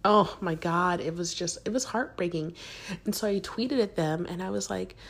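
Chatty woman podcasting in a hushed home bedroom. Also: lowish voice, moderate pace, gravelly. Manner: chatty, swearing, often drops to a whisper. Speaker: podcast host. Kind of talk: casual chat.

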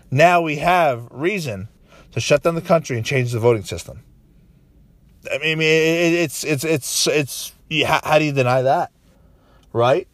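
A man delivering a profane, animated political rant, tagging his points with "right?" and restarting sentences. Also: fairly high pitch, dry recording. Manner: frequent "right?" tags and restarts. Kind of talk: casual political monologue.

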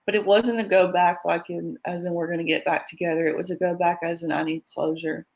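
A young woman, a guest in an interview, candidly recounting a personal story with quick asides and fillers. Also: fairly low pitch, steady tone, vocal fry, darkish tone, poor audio.

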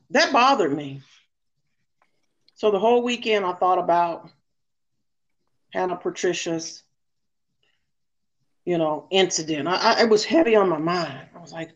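A woman telling a workplace story in an animated, casual way, often repeating herself. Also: lowish voice.

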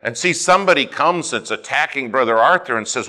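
A man preaching a fervent sermon, swinging between loud emphasis and hushed asides as he tells a story. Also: medium pitch, expressive, brisk. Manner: storytelling with quoted dialogue.

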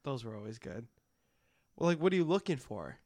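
A man co-hosting a casual podcast chat, playful and quick to laugh, sometimes putting himself down. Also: mid-range voice, sing-song, a little mellow, dry recording. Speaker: podcast co-host.

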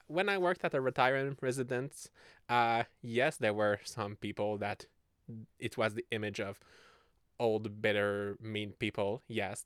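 A man's voice: mid-range voice, a bit bright, dry recording, studio quality. A man in his twenties hosting a casual solo podcast, rambling and giggling as he talks. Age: 20s. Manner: rambling and giggly, laughing often mid-sentence. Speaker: podcast host.

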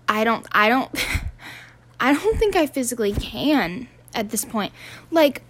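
A woman's voice: fairly high pitch, very animated, unhurried, a bit bright, slight background noise. A teenage girl ranting casually on her podcast, exasperated and swearing, rambling with restarts. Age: teens. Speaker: student podcaster.

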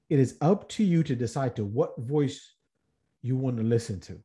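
Mellow-voiced man giving a motivational talk. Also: medium pitch, expressive, normal speed. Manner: earnest, rhetorical questions, frequent restarts. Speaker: podcast host. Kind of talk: motivational podcast monologue.

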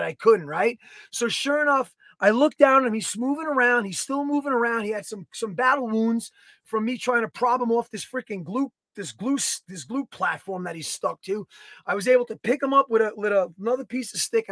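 A man co-hosting a podcast, telling a story in a casual, animated way, swearing and acting out his own quotes. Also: very high voice, dry recording. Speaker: podcast co-host. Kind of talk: casual chat.

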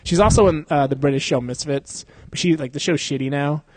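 A young man chats casually on his podcast, swearing freely and breaking into laughter. His voice sits a little high, and the sound is dry and close. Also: a little fast, dry recording. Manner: crude, joking, laughs often, swears a lot. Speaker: podcast host. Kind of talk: casual chat.

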